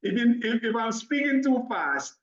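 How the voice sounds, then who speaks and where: A man with a Jamaican accent giving an upbeat, persuasive online sales presentation, talking fast when excited. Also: very high voice, roomy sound, recorded from a distance, lo-fi sound. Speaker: business opportunity presenter.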